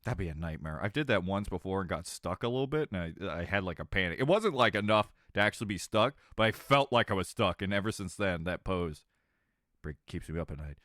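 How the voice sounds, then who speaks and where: A man with a slight Southern American twang chats casually with live-stream viewers, his low-pitched, fairly bright voice lively and a little fast. The sound is clean studio audio with no echo, and he rambles and jokes, often laughing mid-sentence.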